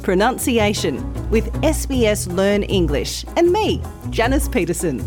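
A woman teaching English pronunciation in a scripted podcast lesson, articulating slowly and carefully. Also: medium pitch, very animated, music in the background. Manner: slow, clear, careful articulation.

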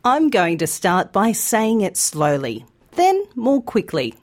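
A woman teaching pronunciation in a scripted podcast, speaking slowly and carefully articulating each sound. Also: mid-range voice, big pitch swings. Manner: slow, clear, carefully articulated. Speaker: pronunciation teacher and news presenter. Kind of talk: scripted educational podcast narration.

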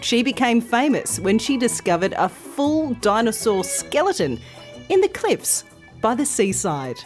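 A middle-aged woman hosting a scripted pronunciation lesson, modelling sounds slowly and carefully. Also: a little high, very animated, soft background music. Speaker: pronunciation teacher, host.

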